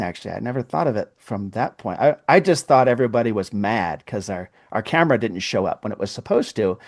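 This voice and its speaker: Animated man telling a story. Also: medium pitch. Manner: animated storyteller, often laughing, acts out quoted dialogue. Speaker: podcast guest. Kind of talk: storytelling in conversation.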